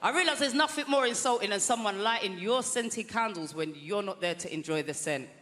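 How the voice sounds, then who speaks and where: Animated stand-up comedian. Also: fairly quick, echoey room, slight background noise. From Britain. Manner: animated storytelling, squeaky high mock voices. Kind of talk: stand-up routine. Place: large theatre stage. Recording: live theatre with a loud audience.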